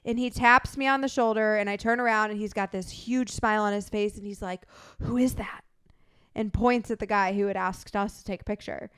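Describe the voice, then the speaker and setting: A young woman co-hosting a casual chat, telling stories in an animated way and laughing often. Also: mid-range voice, brisk, hardly any pauses, clean tone, no room sound, studio quality. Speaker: podcast co-host.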